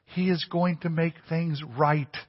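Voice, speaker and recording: A man's voice: a little high, level tone, a little slow. A man preaching a sermon in a conversational way, asking the congregation questions. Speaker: pastor. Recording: dull lo-fi church recording with long reverb.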